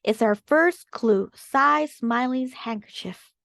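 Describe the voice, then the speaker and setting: Brainy young sleuth, read by a woman; explanatory, slow, dry storybook read. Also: fairly high pitch, vocal fry, a bit bright, no room sound, heavily acted. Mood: eager.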